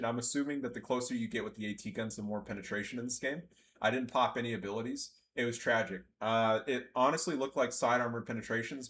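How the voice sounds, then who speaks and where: A young man giving sarcastic, ranting gameplay commentary, jumping from yelling outbursts to low mumbling. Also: a little hiss or hum.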